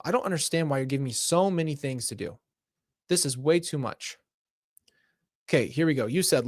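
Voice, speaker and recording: A man's voice: fairly high pitch, a little slow, long pauses, no echo. A man streaming himself as he reads an interactive story aloud, breaking off with exasperated, laughing asides on a close mic.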